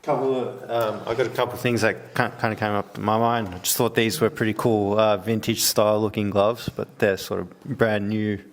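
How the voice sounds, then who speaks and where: A man's voice: fairly low pitch, flat delivery, fairly quick, few pauses, a little hiss or hum. A man with an Australian accent, co-hosting a podcast and talking in a loose, rambling way with lots of fillers. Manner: rambling, hesitant, many fillers. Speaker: podcast co-host. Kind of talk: casual podcast chat.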